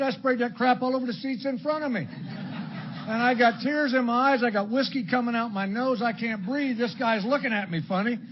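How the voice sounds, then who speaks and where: An older man from Illinois sharing his story at a recovery meeting, blunt and crude, with dark humor. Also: very high voice. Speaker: AA speaker. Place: meeting hall before an audience. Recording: dull lo-fi talk recording with faint background noise.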